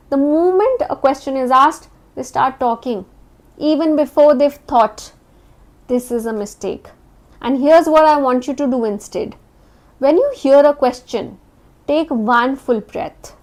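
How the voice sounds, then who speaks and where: A woman coach delivers a scripted lesson with a slightly high voice. Her phrasing is measured and emphatic. She lands each statement with a firm falling tone. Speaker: interview communication coach. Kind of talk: scripted instructional talk.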